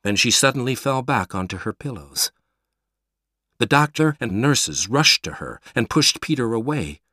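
A man reading a story aloud, slow and expressive. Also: medium pitch, dry recording, clean studio sound. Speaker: narrator.

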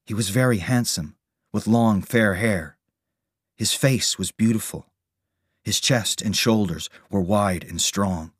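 A man reading a storybook aloud as narrator, steady and measured. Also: lowish voice, slightly rough, dry recording, studio quality.

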